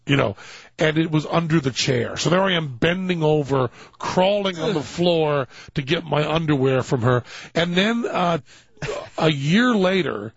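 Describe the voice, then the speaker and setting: Man, gravelly husky voice, animated storyteller, dull dry lo-fi sound. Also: fairly high pitch, unhurried, no room sound. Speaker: radio show host telling a story. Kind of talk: casual anecdote on a talk show.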